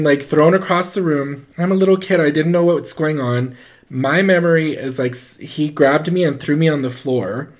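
A man's voice: a little high, moderate pace. A man telling a story in casual chat, rambling with lots of "like" and acting out the voices of the people in it. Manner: animated, acts out quoted voices; loose and rambling, full of "like".

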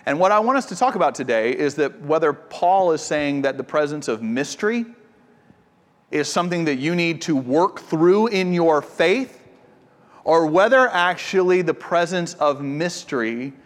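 Lively male pastor in a reverberant hall. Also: fairly high pitch. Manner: animated storyteller, acts out quoted voices. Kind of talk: sermon with personal story.

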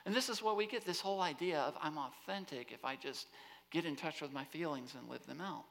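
A man giving an animated talk to students on a campus, often asking the audience rhetorical questions. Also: on the high side, brisk, gravelly. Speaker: speaker. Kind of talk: lecture-style talk to students. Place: large hall on a college campus. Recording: long hall reverb.

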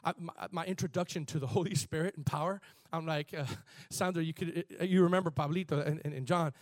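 A man preaching a sermon in an animated, conversational way, shifting from soft asides to shouts. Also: on the high side, fast talker, no room sound, studio quality. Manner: conversational, laughs and repeats words. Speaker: pastor.

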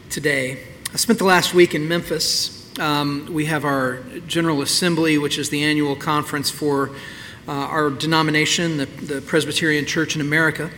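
Bright-voiced male pastor in a reverberant hall. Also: fairly high pitch, slight background noise. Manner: candid, conversational preaching with restarts. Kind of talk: sermon. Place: church sanctuary.

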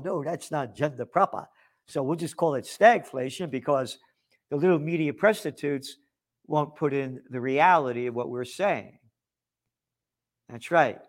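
An older man hosting a commentary show, ranting in an angry, sarcastic and profane way. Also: mid-range voice. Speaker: host of a trends commentary show.

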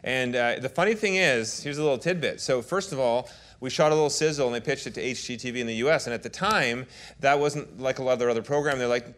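Fast-talking man telling stage stories. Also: mid-range voice. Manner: animated storyteller who plays to the audience. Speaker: TV host talking with an interviewer. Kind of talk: lively on-stage anecdotes. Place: on stage before a live audience.

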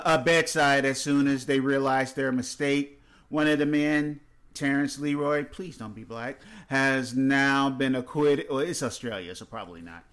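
A man's voice: mid-range voice, fairly bright tone. Dry-humored man reading odd news. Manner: dry, reads news stories with asides. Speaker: podcast co-host. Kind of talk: casual comedic podcast chat.

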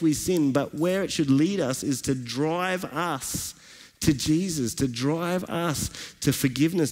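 A man's voice: on the high side, darkish tone, in a large hall. A male pastor preaching a sermon, building his points through emphatic repetition.

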